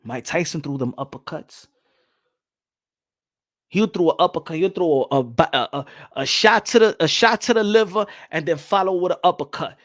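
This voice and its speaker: A man hosting a boxing show, talking in an animated, rambling way and slipping into Spanish. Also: a little high, moderate pace. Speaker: boxing podcast host. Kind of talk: casual boxing commentary.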